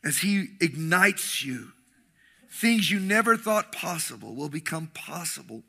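A middle-aged man preaching a sermon with passion, swinging between shouting and hushed tones. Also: fairly high pitch, expressive, unhurried, vocal fry, breathy edge. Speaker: pastor.

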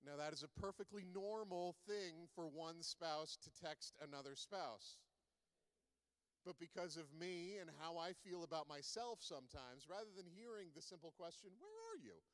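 A man's voice: on the high side, moderate pace. A man preaching a sermon in a conversational way, asking the listeners many rhetorical questions. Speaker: pastor. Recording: long reverb of a large hall.

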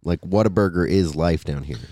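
Deep deadpan man in crude banter. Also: brisk, no room sound. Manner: deadpan, drawling, swears and says "dude" a lot. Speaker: podcast co-host.

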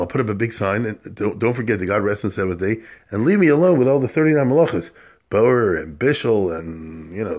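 Man giving a lively Torah talk. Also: lowish voice. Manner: conversational, animated teaching with rhetorical questions and Hebrew terms. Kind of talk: Torah lecture.

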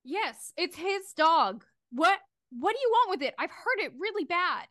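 A woman's voice: very high voice, big pitch swings, measured pace, pushed and bright, dry recording, clean studio sound, pitched above the performer's own voice, exaggerated voice. A woman voicing a frightened young woman trapped in a pit, who talks in an anxious, pleading way.

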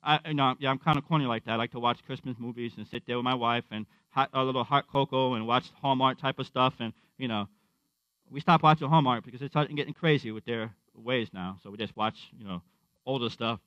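A man's voice: medium pitch, fairly quick, a bit bright, no room sound, dull audio. A man preaching a conversational sermon, repeating his refrains and acting out quotes.

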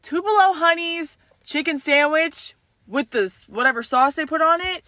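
A woman's voice: high voice, normal speed, bright, forceful tone. A young adult woman co-hosting a casual podcast chat, ranting in a mock-serious way, with many fillers like "like" and "um". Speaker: podcast co-host.

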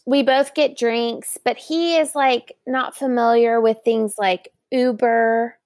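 A woman in her thirties casually telling a dating story, animated and acting out the other voices. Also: a little high, takes it slowly, dry recording.

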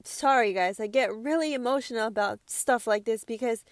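A woman's voice: on the high side, normal speed, no echo, clean studio sound. A young adult woman delivering an impassioned motivational monologue as a self-help speaker, emphatic and preachy, swearing freely.

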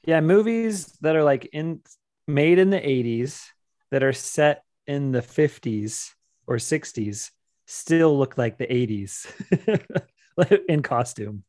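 A man's voice: on the high side, no room sound, studio quality. A man hosting a casual film podcast, steering the chat with teasing remarks and laughs. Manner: lively, teasing, quick to laugh. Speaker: podcast host.

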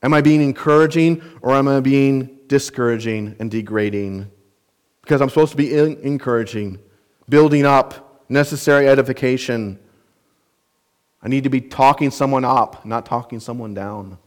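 A man's voice: mid-range voice, normal speed. Earnest man preaching an expository sermon. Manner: earnest, emphatic, with rhetorical questions; explains word meanings and grammar of scripture. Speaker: pastor.

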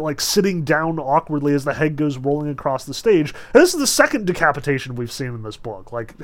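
Brief: a male literature teacher, casual and animated, voice a touch high. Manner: animated and chatty, with frequent fillers. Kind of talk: casual lecture with read-aloud passages.

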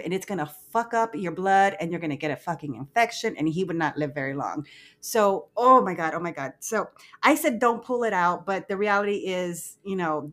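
A woman's voice: fairly low pitch, fairly bright tone. A woman co-hosting a podcast, recapping a movie in casual, profane chat with frequent giggling. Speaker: podcast co-host.

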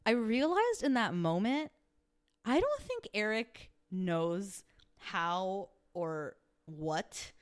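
A woman's voice: mid-range voice, very animated, very slow. A woman co-hosting a podcast in casual chat, talking with lots of fillers and easy laughter. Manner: chatty, frequent fillers and laughter. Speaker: podcast co-host.

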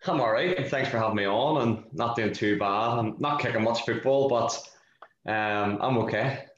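A man, a football player answering interview questions in a halting, casual way. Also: mid-range voice, a bit bright, slight background noise. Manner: halting, repeats words as he talks. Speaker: footballer guest. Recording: roomy, dull lo-fi recording.

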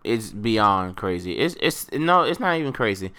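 A man's voice: on the low side, very animated, moderate pace, sharp tone. A man co-hosting a podcast, talking casually and emphatically with strong opinions. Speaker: podcast co-host. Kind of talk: casual chat.

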